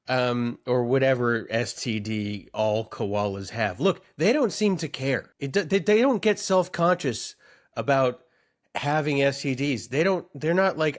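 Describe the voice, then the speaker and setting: A man's voice: mid-range voice, takes it slowly. A man co-hosting a comedy podcast, riffing and joking in casual chat. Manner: joking, animated riffing with bursts of laughter. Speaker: podcast co-host.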